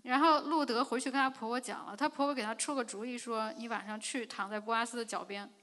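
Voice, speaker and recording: Female interpreter with a bright, forceful voice, rendering the sermon at a fast clip. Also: a little high, steady tone. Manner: quick, with fillers.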